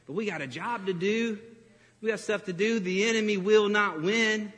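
A man preaching a sermon as pastor, animated and storytelling, breaking into laughs and acting out quotes. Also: high-pitched, normal speed. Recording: reverberant hall.

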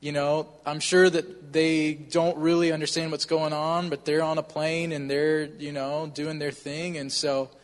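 A man's voice: on the high side, little pitch movement, a little slow, few pauses, big-room sound. A man casually telling a personal story, with frequent fillers and a conversational, earnest manner. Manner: conversational, many fillers like "you know".

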